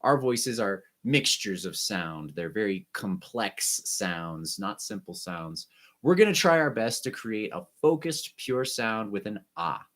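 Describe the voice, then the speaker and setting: Encouraging male music teacher, lower voice. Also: lively intonation, unhurried, a bit bright. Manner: encouraging, coaching with short instructions. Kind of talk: online music lesson, guiding warm-up exercises.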